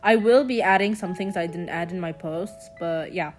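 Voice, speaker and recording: A young woman giving a chatty, casual voice-over commentary with quick sarcastic asides. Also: lowish voice, a little hiss or hum. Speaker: commentary vlogger.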